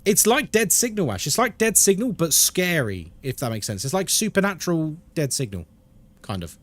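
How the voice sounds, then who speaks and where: A British man streaming a game, chatting casually, reading chat out loud and laughing often. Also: fairly high pitch, big pitch swings, moderate pace. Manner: chatty, laughs a lot, reads chat aloud.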